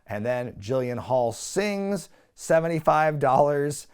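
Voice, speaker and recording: A man's voice: fairly high pitch, big pitch swings, slow, clear, resonant tone. A man hosting a casual recap show, talking animatedly and laughing often as he slips into quoted voices. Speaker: wrestling recap podcast host.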